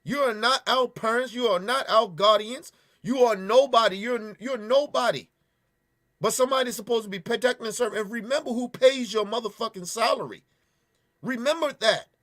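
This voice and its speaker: A show host with a very high, somewhat bright voice angrily rants and curses at a moderate pace while reacting to a news clip, sniffling now and then. It's heated, profane commentary.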